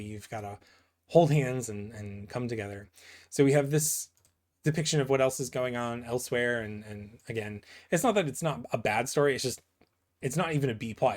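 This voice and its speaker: A man's voice: medium pitch, darkish tone. A man giving casual, rambling commentary on comic book pages, full of fillers and asides that end in "right?". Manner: rambling, filler-heavy, keeps asking "right?".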